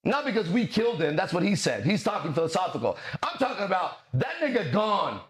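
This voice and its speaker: Male podcast host, mindset coach; cocky preachy monologue, swinging pitch, fairly high voice, profane. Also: very animated. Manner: swaggering, profane, preachy, with dramatic pauses.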